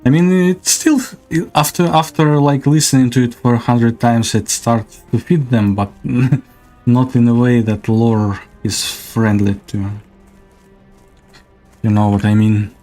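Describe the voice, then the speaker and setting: A man's voice: medium pitch, steady tone, unhurried, warm tone, soft background music. A man giving casual, hesitant gameplay commentary as a streamer. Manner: hesitant, many fillers.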